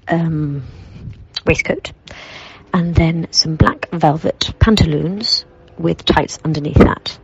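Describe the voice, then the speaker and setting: A woman actor introducing her roles and costumes, unhurried and hesitant, with a very breathy voice. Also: low-pitched, lo-fi sound. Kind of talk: audio introduction to a play.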